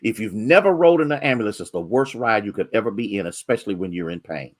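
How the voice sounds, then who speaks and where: Animated preaching man, pastor. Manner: preaching with rising, drawn-out exhortations and greetings to congregants; drops into low, quick storytelling. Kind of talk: sermon. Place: church sanctuary.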